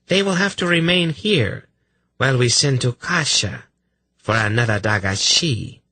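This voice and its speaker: A man's voice: medium pitch, animated, unhurried, pushed and bright, no room sound, pitched above the performer's own voice, full character voice. A man voicing a nervous, sly small king with a rat-like face, who talks hastily to placate and then asserts himself stiffly. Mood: haughty. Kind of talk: audiobook character voice.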